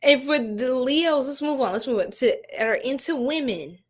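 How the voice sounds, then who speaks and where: A woman's voice: high-pitched, expressive, normal speed. A young woman doing a casual livestream tarot reading, giggling often and talking in loose slang to her viewers.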